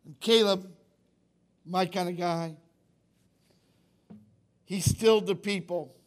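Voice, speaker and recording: A man's voice: sits high, fairly even intonation, slow. A man preaching a sermon in church, emphatic and repetitive, often questioning the congregation. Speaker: pastor.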